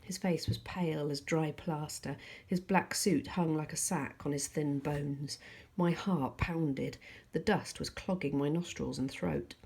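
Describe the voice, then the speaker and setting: A woman teacher reading a novel aloud to pupils in a steady, calm storytelling voice. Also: sits low, measured pace, breathy edge.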